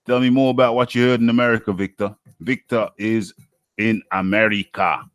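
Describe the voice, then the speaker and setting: A man's voice: fairly low pitch, level tone, normal speed, a bit bright, no room sound. Chatty man hosting a live stream. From United Kingdom. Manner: repeats his phrases, chatty and upbeat. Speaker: host of a live boxing talk show. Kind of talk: live-stream chat, reading viewer comments aloud.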